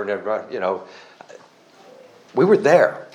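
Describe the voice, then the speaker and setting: A man's voice: mid-range voice, big pitch swings, fairly quick, long pauses. A man giving a personal testimony to a church congregation, earnest and conversational, with self-mocking humor and a rambling way of restarting his sentences.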